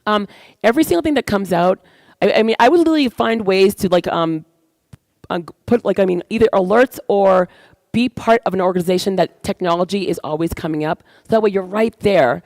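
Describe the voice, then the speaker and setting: A woman guest speaker giving an energetic, animated stage talk at an event. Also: mid-range voice, brisk, no echo.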